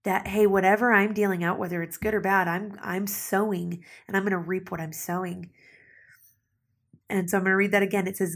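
A woman's voice: mid-range voice, flat delivery, brisk. A woman preaching a sermon in a conversational way, with asides and restarts, reading scripture passages aloud.

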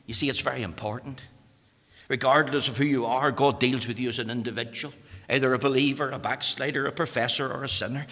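A Northern Irish man preaching a sermon, impassioned and moving from loud urgency to hushed intensity. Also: mid-range voice, moderate pace, long reverb tail.

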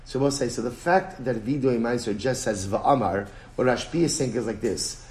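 A man's voice: medium pitch, normal speed. A man, a rabbi, teaching a Talmud lesson, emphatic and repetitive, mixing in Hebrew and Aramaic terms. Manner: animated, emphatic, repeats phrases, switches between English and Hebrew-Aramaic terms. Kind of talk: Talmud lecture.

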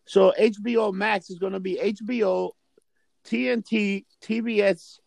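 A man's voice: high voice, steady tone, measured pace, gravelly, darkish tone, dry recording. A man in casual chat, rambling and swearing with lots of fillers. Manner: laid-back, profane, rambling with fillers.

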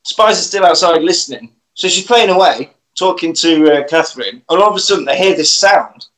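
A man with a high voice retells a plot to his co-hosts. The delivery is casual and animated, and he chuckles along as he goes. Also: brisk, poor audio. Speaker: podcast host.

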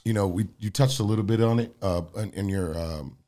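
A man's voice: fairly low pitch, fairly quick, dark tone. A man co-hosting a podcast, asking laid-back questions full of fillers. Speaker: podcast co-host. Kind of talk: casual chat.

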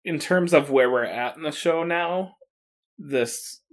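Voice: medium pitch, slow pace. A podcast co-host chatting in a thoughtful, easy-going way. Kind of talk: casual chat.

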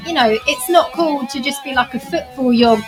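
A woman's voice: high-pitched, normal speed. A woman co-hosting a casual chat, talking with passion and enthusiasm about music. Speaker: podcast co-host.

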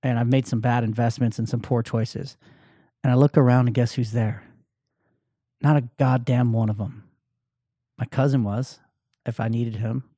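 A man's voice: medium pitch, fairly even intonation, normal speed, pauses often, warm tone, no echo, studio quality. A man hosting his podcast, telling a raw personal story in a candid, emotional way, with plenty of fillers, restarts and swearing. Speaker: podcast host.

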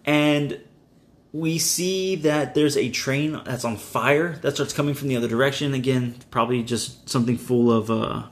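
A man co-hosting a podcast, recapping a movie in casual chat, animated and a bit crude. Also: medium pitch, moderate pace. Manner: animated, swearing, playful voices in retellings. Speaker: podcast co-host.

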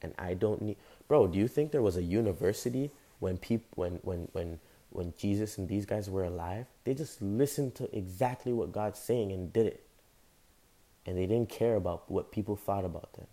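A man's voice: lowish voice, normal speed, mellow. A young man giving an impassioned, rambling motivational monologue as a show host, talking casually with slang. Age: young adult. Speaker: podcast host.

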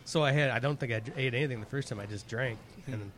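Animated, laughing podcast co-host. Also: male voice, mid-range voice, fast, slight background noise. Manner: animated, laughs often, swears casually. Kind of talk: casual chat over beer.

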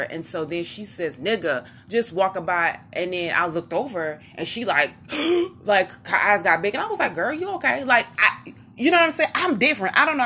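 A woman with a voice on the lower side talks straight to her viewers, casual and rambling as she tells personal stories. She wanders off track, circles back, and slips into acted-out lines of what others said. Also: a little hiss or hum. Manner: rambling, conversational, loses her track and restarts; animated, acts out what others said. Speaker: vlogger. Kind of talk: casual personal storytelling to camera.

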